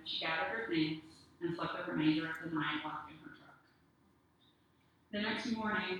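A storyteller narrating in a steady, measured way, with a bright, clear tone. The voice carries a strong room echo and is heard from a distance. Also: medium pitch. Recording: echoey room, distant mic, faint noise.

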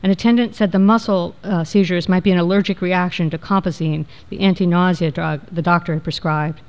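A woman reading a first-person memoir aloud in a measured, reflective way. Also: fairly low pitch, steady tone, darkish tone. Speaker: narrator.

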